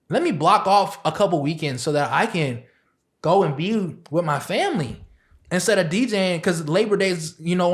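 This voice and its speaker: A young man, a DJ and chef, chatting as a podcast guest and laughing through his animated stories. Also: sits high. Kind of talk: casual podcast chat.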